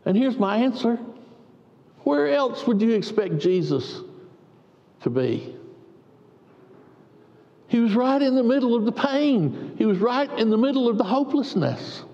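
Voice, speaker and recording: A man preaching a sermon, telling stories in a folksy way with long pauses. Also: extremely high pitch, sing-song, mellow. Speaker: pastor. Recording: dull echoey hall recording.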